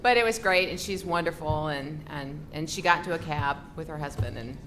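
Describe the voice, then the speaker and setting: A woman co-hosting a live podcast, telling an excited story in a gushing, breathless way with frequent laughs. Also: low-pitched, fairly quick. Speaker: podcast co-host. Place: bookstore event with audience. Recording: noisy live event recording.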